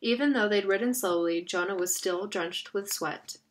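A woman narrating a novel aloud in an expressive, steady reading style. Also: mid-range voice, normal speed. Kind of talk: audiobook reading.

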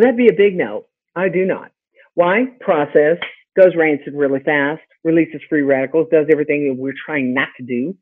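A woman hosting a webinar as a pet health consultant, teaching in a lively, chatty way full of rhetorical questions. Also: low voice, breathy edge. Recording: tinny phone-like audio.

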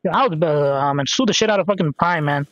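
A man's voice: fairly high pitch, quick pace, fairly bright tone, dry recording. A young man hosting a gaming podcast, chatting casually and rambling with crude jokes while he plays. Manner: rambling, profane, jokey, self-interrupting. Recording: dry, dull lo-fi sound.

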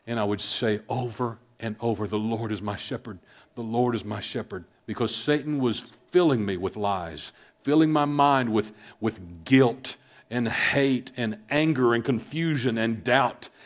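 Earnest middle-aged man giving a talk. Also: lowish voice. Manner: earnest, halting, many fillers. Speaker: speaker on suicide prevention. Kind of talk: filmed public talk.

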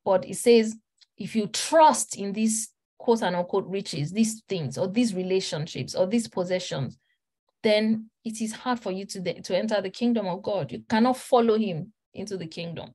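A woman's voice: mid-range voice, normal speed, warm tone. A woman preacher delivering an earnest, emphatic sermon, stressing points through repetition. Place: church.

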